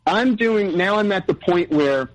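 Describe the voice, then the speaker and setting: Guy guest on a podcast, kinda high voice, halting and earnest, muffled lo-fi sound. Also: lively intonation. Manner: halting, restarts often, earnest. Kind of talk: personal story in a podcast conversation. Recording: dull lo-fi audio.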